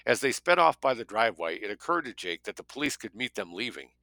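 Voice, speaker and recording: A man's voice: mid-range voice, big pitch swings, fast talker, bright, forceful tone, no echo. A man narrating a thriller audiobook in a plain reading voice, now and then dropping offhand asides of his own. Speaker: audiobook reader.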